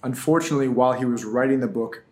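A man's voice: medium pitch, very fast, a little mellow. A man guest on a podcast, answering earnestly and reflectively and repeating words as he works out his thoughts. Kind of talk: casual interview answers.

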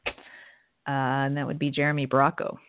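A woman's voice: low-pitched, flat delivery, a little fast. A woman co-hosting a hockey radio show, reading a sponsor spot and giving league news with dry, sardonic asides. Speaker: podcast co-host. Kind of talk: hockey radio talk and scripted sponsor read. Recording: tinny phone-line sound, dry.

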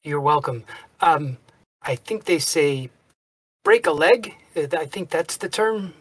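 A man's voice: on the high side, animated, unhurried, a bit bright, no room sound. A man playing in a tabletop game, speaking politely and easygoing, in character. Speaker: player.

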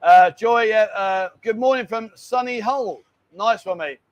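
A man's voice: high voice, measured pace, muffled recording. A man hosting a casual live stream from a bar, joking around and reading viewer messages aloud.

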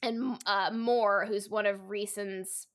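A woman's voice: medium pitch, steady tone, slow, fairly bright tone. A young adult woman co-hosting a podcast, recapping a story in a casual, chatty way with lots of "like" and "you know". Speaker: podcast co-host. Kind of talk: casual book discussion.

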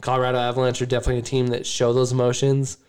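A man's voice: medium pitch, monotone, very fast, a little mellow, clean tone. Male podcast host, casual chat, rambling, emotional, laughs a lot.

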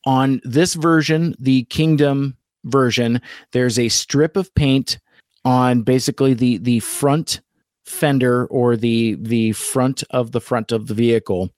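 Halting, rambling man in a dry, close recording. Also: medium pitch, steady tone, darkish tone, no room sound. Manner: rambling, halting, many fillers and restarts. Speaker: toy reviewer and stream host. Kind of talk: casual live-stream review chat.

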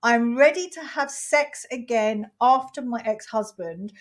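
A woman in her fifties from England telling a frank personal story, expressive and outspoken, acting out quoted exchanges. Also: on the high side, a little slow. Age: 50s. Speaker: podcast host.

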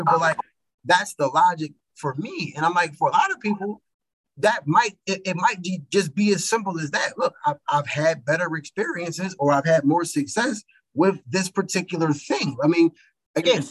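A young man in casual chat, telling stories in a blunt, profane, animated way. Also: high-pitched, slightly rough, rough recording.

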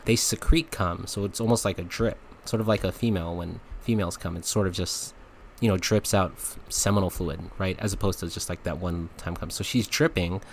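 A low-voiced man hosts a podcast and tells a frank, comic story in loose, chatty fashion. He laughs often as he goes, and a faint hiss sits under his voice. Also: steady tone, fairly quick. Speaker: podcast host. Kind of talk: casual storytelling monologue.

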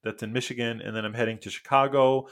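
A man's voice: mid-range voice, fairly even intonation, fast talker, a bit bright. A man, a podcast guest, telling long anecdotes in casual chat, rambling off on tangents and chuckling as he goes. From United States. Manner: rambling, self-interrupting, chuckles through anecdotes. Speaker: podcast guest, comic book author. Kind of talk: casual interview storytelling.

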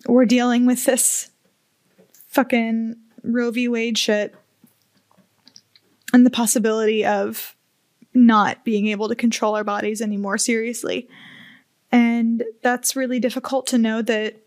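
A woman hosting a solo podcast, talking slowly and candidly with open emotion and casual swearing. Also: a little high, level tone, a little mellow, dry recording. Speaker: podcast host. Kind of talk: heartfelt solo podcast talk.

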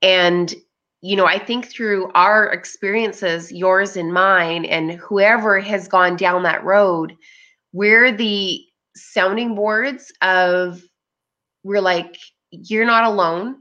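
A woman's voice: medium pitch, fairly even intonation, slow pace, bright, forceful tone, highs cut off. A woman being interviewed, talking in an earnest, reflective way. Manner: reflective, earnest, with frequent "you know". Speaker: interview guest. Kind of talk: casual interview conversation.

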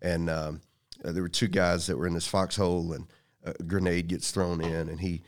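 A deep-voiced man leans into a story with a folksy, preacherly warmth. He talks casually, moving from anecdotes to life lessons. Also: little pitch movement, moderate pace.

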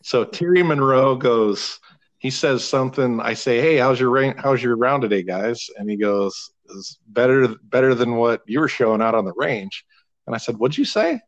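A man in his thirties telling a long, animated, profane story in casual podcast chat, laughing now and then. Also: medium pitch, normal speed, rough recording.

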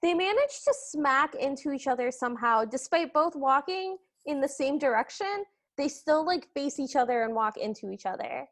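Woman podcast co-host, high voice, wry chatty movie recap. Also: animated, normal speed. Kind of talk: casual chat recapping a movie.

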